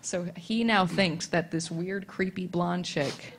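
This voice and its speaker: A woman on a convention panel telling a self-deprecating story in a chatty way, with quick asides. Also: lowish voice. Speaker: comics artist on a convention panel.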